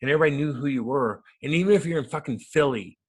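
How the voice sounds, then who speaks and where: A man in his thirties, a former hockey enforcer, telling stories in an interview with a loud, profane manner that swings down to soft mumbles. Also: medium pitch, very fast, husky. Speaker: guest, former hockey enforcer and radio host. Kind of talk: animated interview storytelling.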